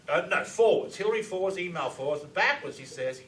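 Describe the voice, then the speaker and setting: A man's voice: high-pitched, expressive, fairly bright tone, slight background noise. Man lecturing from a distant echoey mic. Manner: explanatory, matter-of-fact, pauses with fillers. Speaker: presenter on reverse speech. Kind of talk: lecture presentation playing audio clips. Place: lecture room with audience.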